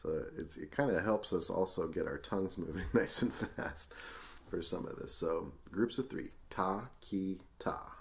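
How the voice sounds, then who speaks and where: Guy with a really low voice walking through a music lesson, laid back and chatty. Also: moderate pace. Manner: relaxed, chatty explanations with ums and small laughs. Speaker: music teacher. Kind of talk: music lesson, demonstrating rhythm syllables.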